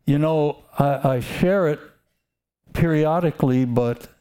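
A man's voice: fairly high pitch, mellow, smooth. A man preaching a sermon, telling stories and asking the congregation to answer back. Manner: slow, emphatic, calls out to congregation.

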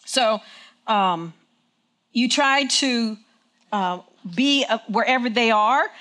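A woman's voice: on the high side, animated, slow pace, pauses often, bright, forceful tone. A woman preaching a sermon in a conversational way, checking in with her congregation and leading them in call and response. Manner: conversational, engaging the congregation with frequent "okay?". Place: church with congregation.

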